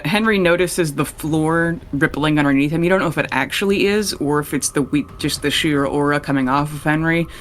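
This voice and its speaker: A man's voice: fairly high pitch, a bit bright. A young man running a tabletop game as game master, narrating casually and swearing freely. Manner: casual, swears freely, voices characters in passing.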